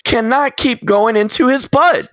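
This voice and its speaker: A man's voice: extremely high pitch, measured pace, a bit bright, no room sound. A man co-hosting a podcast in crude, joking casual chat. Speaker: podcast co-host.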